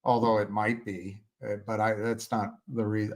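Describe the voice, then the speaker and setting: This man's voice is on the low side, flat, at normal speed with hardly any pauses. Hosting a stock-market livestream and reading comments, he's hesitant and rambling, full of fillers and restarts, while emphatically indignant toward short sellers.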